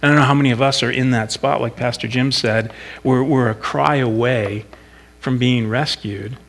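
A man's voice: mid-range voice, fairly even intonation, moderate pace, vocal fry, fairly bright tone. A middle-aged man giving an informal Bible devotional in a conversational, reflective way, thinking aloud as he talks.

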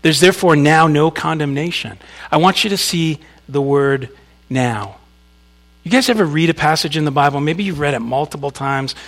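A man's voice: fairly high pitch, moderate pace. A man preaching a sermon, speaking conversationally to the congregation with asides and reading scripture with emphasis. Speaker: pastor.

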